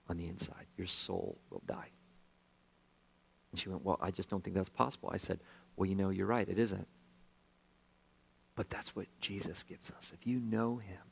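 A man's voice: lowish voice, vocal fry, low-quality recording. A male pastor telling a story in a sermon, acting out the voices of the people in it.

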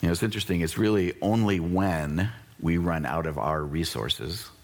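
At a moderate pace, a man preaches as pastor in a relaxed, chatty style. His delivery swings from excited, high-pitched bursts to low, earnest asides.

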